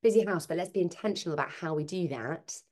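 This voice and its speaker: A woman with a lower voice talks through her parenting ideas on a podcast. She is animated and swings into quoted voices as she explains. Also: quick pace. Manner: animated, acts out quoted speech. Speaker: podcast guest, author. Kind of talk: conversational interview.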